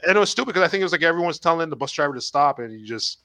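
A man telling animated, profanity-filled stories in casual chat. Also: on the high side, racing. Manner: animated storyteller, swears a lot.

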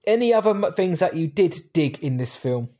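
A man's voice: a little high, lively intonation, a little fast, dark tone. A man co-hosting a podcast, chatting casually about a film in a jokey, rambling way, often correcting himself mid-sentence. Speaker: podcast co-host. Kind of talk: casual film review chat.

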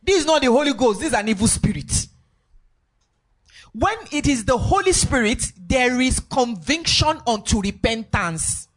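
A woman's voice: on the high side, lively intonation, normal speed. A woman preaching a sermon, emphatic and repetitive, with sing-song rises in her voice.

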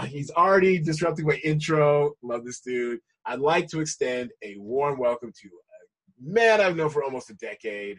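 Husky-voiced male host, playful and hyped, laughs a lot. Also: fairly high pitch. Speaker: podcast host. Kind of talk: casual chat.

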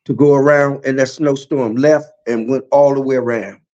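A man's voice: mid-range voice, steady tone, moderate pace, darkish tone, dull audio. A man hosting a podcast, talking in a preacherly way about spirituality and stories of his own, building emphasis with repeated phrases. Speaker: podcast host. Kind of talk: casual spiritual chat.

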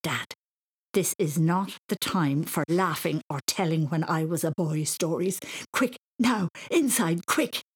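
A woman voicing an earnest, excitable young boy in a storybook reading, talking urgently and a bit bossily. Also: sits low, a little slow, slightly rough.

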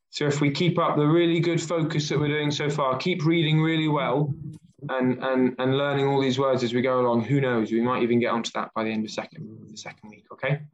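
A man's voice: medium pitch, lo-fi sound. Encouraging male teacher on a video call. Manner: encouraging, explains words as he reads. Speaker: English reading teacher. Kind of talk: online class read-aloud.

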